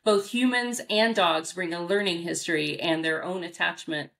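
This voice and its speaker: An American woman, a dog trainer, answering interview questions in a casual, animated way, acting out reactions with big jumps in pitch and laughing often. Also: moderate pace, creaky. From United States. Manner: frequent fillers and restarts, laughs often.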